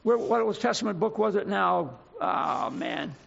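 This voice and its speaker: A gravelly, high-sitting voice belongs to an older man giving a sermon, impassioned and elongating important words to drive them home. The recording sounds dull and lo-fi.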